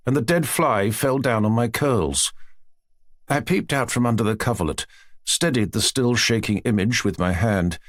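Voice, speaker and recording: A man reading an audiobook in a measured, expressive narrating style. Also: mid-range voice, no echo, studio quality. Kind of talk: scripted narration.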